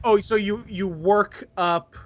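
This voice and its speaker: A man's voice: high-pitched, steady tone, takes it slowly, muffled recording. A man co-hosting a podcast, tossing out wisecracks and quips in casual chat. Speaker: podcast co-host.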